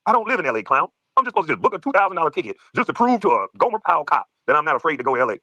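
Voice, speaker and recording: A man tears through a heated rant at a rapid clip, mocking and trash-talking, laughing between jabs. His voice is husky and swings widely in pitch. The recording is dry and close. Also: big pitch swings, bright, forceful tone, no echo, lo-fi sound. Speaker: guest streamer. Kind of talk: heated ranting chat.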